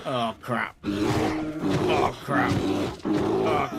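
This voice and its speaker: A man giving let's play commentary, chatting calmly and then yelling in panic. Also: mid-range voice, takes it slowly, gravelly, long pauses, background noise. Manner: excitable, swings from calm chatter to yelling in panic. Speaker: gaming video creator.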